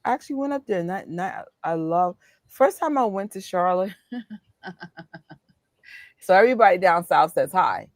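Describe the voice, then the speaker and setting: Animated New woman telling stories. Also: on the low side, moderate pace, long pauses, no echo. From New York. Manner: animated storyteller, laughs often, acts out exchanges. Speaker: co-host. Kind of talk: casual chat.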